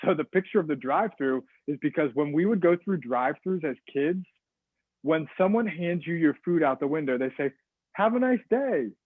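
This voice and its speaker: A fairly high-voiced man presents to a live online audience, full of energy and often checking in with them. His voice is dry and close, squeezed through a tinny, phone-like video call line. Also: fairly quick, slightly rough, dry recording. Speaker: guest speaker on service and leadership. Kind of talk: interactive webinar presentation.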